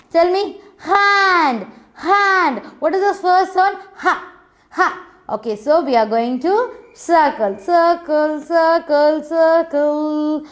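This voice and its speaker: A woman leads a children's phonics class. Her voice sits high and her speech is unhurried, and she keeps coaxing the class to repeat each sound aloud. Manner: coaxing, repeats words and asks children to say them loudly. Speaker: phonics teacher.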